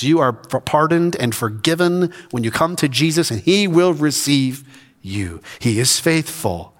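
A man delivers a sermon from the pulpit, his voice sitting a little high for a man. He presses his points through repeated, building phrases. The sound carries the long reverb of a church sanctuary. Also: animated, unhurried. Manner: preaching with rising emphasis and repetition. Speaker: senior pastor.

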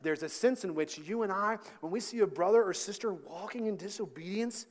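A man's voice: sits high, fairly quick. A man preaching a sermon as pastor, driving points home with repeated rhetorical questions. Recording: long hall reverb.

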